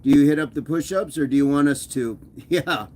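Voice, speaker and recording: This fitness livestream host speaks at normal speed in a warm, fairly high voice. He chats casually with his viewers, reading their messages and teasing them playfully.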